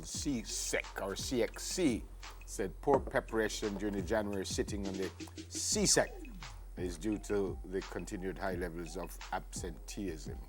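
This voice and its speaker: A man with a Jamaican accent, co-hosting a morning TV show with relaxed banter and careful news reading. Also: lowish voice. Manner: relaxed banter, reads quoted text slowly. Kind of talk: studio chat and news reading. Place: TV studio.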